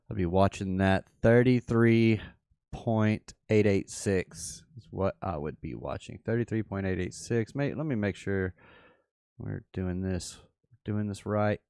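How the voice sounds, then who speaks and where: A man's voice: on the low side, creaky, darkish tone, clear, resonant tone, no echo, studio quality. A man hosting a trading workshop, walking through a livestreamed chart while thinking aloud and correcting himself as he goes. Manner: unhurried, thinks aloud, restarts and self-corrects.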